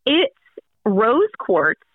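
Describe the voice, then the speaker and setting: Over a tinny, dry phone line, a woman on a call with a radio host tells a personal story in a casual, rambling way. Her slightly high voice swings widely in pitch and draws out words, with many fillers and restarts and no room sound.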